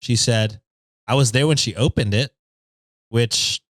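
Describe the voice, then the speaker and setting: A man's voice: mid-range voice, a little slow, fairly bright tone, dry recording. A man co-hosting a podcast, reading stories aloud in a casual chat and laughing often.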